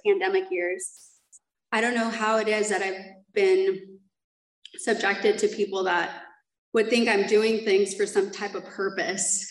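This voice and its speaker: A woman's voice: medium pitch, reverberant, rough recording. A woman sharing her personal story with a group at a recovery meeting, candid and rambling, laughing at herself as she goes. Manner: candid, rambling, self-deprecating, laughs often.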